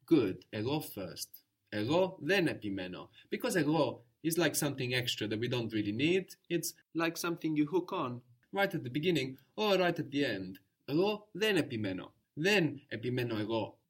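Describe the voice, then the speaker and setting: A man teaching a spoken language lesson, patient and encouraging, explaining slowly and repeating words. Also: medium pitch, very animated, husky.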